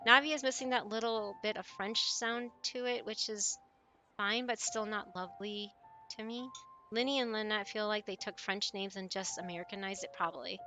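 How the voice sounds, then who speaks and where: Bright chatty woman streamer. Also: medium pitch, fairly even intonation, moderate pace. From United States. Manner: chatty, laughs often, stumbles over names. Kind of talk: casual chat reading viewer messages aloud. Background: faint music.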